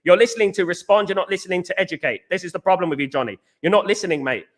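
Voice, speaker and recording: A young Englishman with a high-pitched, rapid-fire voice hosts a fan livestream. He reads the live chat and argues heatedly with commenters, calling them "mate."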